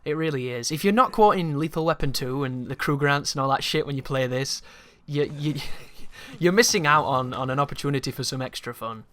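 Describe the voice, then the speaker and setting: A man's voice: fairly high pitch, fairly quick, hardly any pauses, fairly bright tone. A man giving casual, rambling, opinionated commentary over a video game, swearing freely as he talks. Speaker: gameplay commentator.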